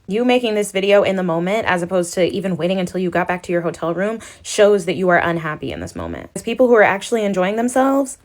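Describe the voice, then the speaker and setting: A woman's voice: fairly low pitch, animated, quick pace, few pauses, darkish tone. A woman giving scornful, lecturing commentary in a reaction video.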